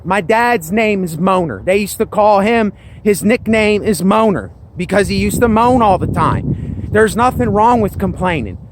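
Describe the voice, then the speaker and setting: A man with a raised, fairly high voice speaks in an earnest, repetitive, emphatic way. He is recording a personal vlog. Steady background noise runs under his voice. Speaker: vlogger.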